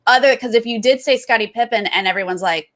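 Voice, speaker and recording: A woman's voice: a little high, fast, fairly bright tone. Wry woman host recapping reality TV. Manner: wry, dismissive asides. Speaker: podcast host. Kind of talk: casual reality TV recap chat.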